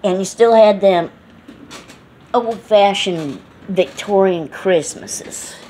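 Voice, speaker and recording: This middle-aged vlogger from New England speaks slowly in a mid-range, dark voice, with slight background noise behind her. Her accent blends Southern and New England American, and she reminisces casually, rambling in a folksy way full of fillers.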